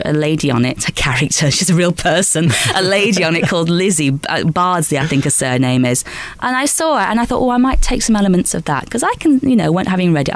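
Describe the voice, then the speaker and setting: In a chatty interview, a guest actress in her forties from Lancashire, England, tells animated stories, often restarting sentences and laughing a little. Her voice sits low.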